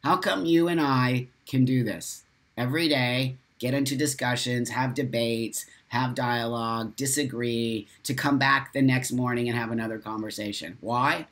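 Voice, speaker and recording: A middle-aged man of ordinary pitch hosts a casual live morning chat, answering viewer comments as they come in. He is blunt and emphatic, swears freely and laughs easily. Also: a little slow, fairly bright tone. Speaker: host.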